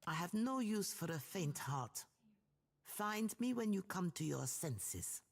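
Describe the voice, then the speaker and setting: A woman's voice: lowish voice, sing-song, slow, creaky, breathy edge, full character voice. An actress voicing a cold, scheming noblewoman in a video game, speaking in a clipped, commanding way. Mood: icy, commanding.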